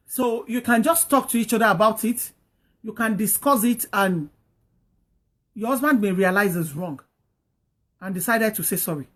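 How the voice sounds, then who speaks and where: A woman's voice: on the high side, normal speed, pauses often, fairly bright tone. A woman giving casual, preachy marriage advice, repeating her points earnestly and acting out what couples should say. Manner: earnest, repetitive, preachy, acts out quoted speech. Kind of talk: casual advice talk to an online audience.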